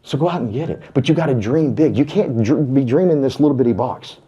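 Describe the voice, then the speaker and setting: The sound is lo-fi, and the man's medium-pitched voice is warm and husky, with lively intonation and a fast pace. Speaking for a real estate team, he fires up a live room of agents with a folksy, preacher-style motivational speech.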